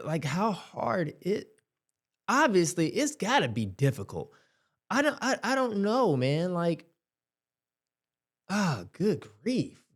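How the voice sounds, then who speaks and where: Slow, lively-toned man reacting casually. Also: medium pitch. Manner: exasperated, rambling with many fillers. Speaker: host.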